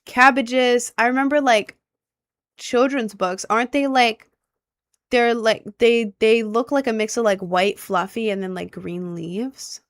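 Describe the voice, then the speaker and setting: A woman's voice: fairly high pitch, steady tone, a little slow, no room sound, studio quality. A young woman streamer chatting casually with her viewers, rambling and easily sidetracked in an upbeat way.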